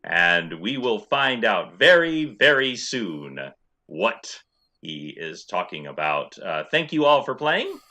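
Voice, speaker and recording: A man's voice: lowish voice, sing-song, takes it slowly, sharp tone. A middle-aged man running a tabletop game as dungeon master, narrating playfully with sound effects.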